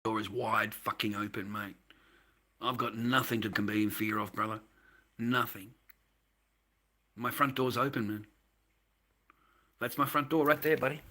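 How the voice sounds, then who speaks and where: A man's voice: lowish voice, fairly even intonation, a little slow, long pauses, bright, forceful tone. A man, a live streamer, chatting casually to his viewers in a blunt, heavily profane, rambling way with frequent laughs.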